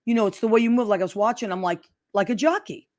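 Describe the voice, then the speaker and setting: A woman's voice: medium pitch, fast talker, darkish tone. A woman hosting a casual chat show, gushing and affectionate. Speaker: host.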